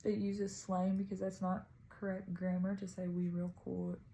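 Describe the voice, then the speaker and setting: A woman's voice: mid-range voice, completely flat delivery, normal speed, vocal fry, mellow, slight background noise, poor audio. A woman casually talking through her reading of a poem, tentative and thinking aloud as a student presenting. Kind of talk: casual spoken poem analysis.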